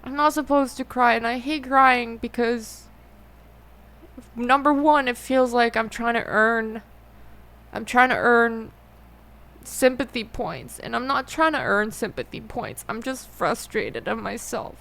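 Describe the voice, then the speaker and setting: A young adult woman talking through her feelings in a personal monologue, halting and often rephrasing herself. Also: fairly high pitch, a bit bright. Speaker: musician and host.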